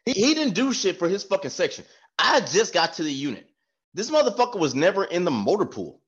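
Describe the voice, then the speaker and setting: A man telling an animated, profane army story with frequent laughs in casual podcast chat. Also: high-pitched, a little fast, breathy edge. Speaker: podcast co-host, former staff sergeant. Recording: dull lo-fi sound.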